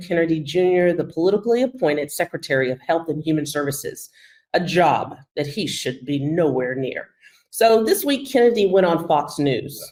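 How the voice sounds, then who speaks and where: Texan woman doctor hosting, sarcastic and emphatic, low voice. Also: expressive, moderate pace, a little mellow, rough recording. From Texas. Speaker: co-host, doctor. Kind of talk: hosting a commentary segment.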